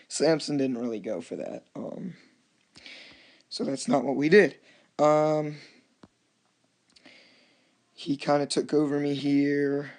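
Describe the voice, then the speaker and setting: This commentator, whose mid-range voice has a darkish tone, talks casually through his own strategy game match. He wanders from point to point, keeps restarting sentences, and performs the chats he had with other players.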